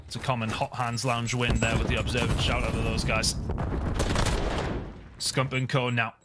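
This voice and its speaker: A man giving excitable play-by-play commentary on an esports match, rising sharply on big plays. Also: mid-range voice, normal speed, heavy background noise. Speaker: esports caster. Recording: loud game gunfire behind.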